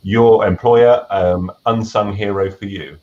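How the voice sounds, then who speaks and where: Male co-host, low-ish voice, friendly and animated, muffled lo-fi video-call sound. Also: slow pace. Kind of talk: casual interview chat. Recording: dull, lo-fi sound.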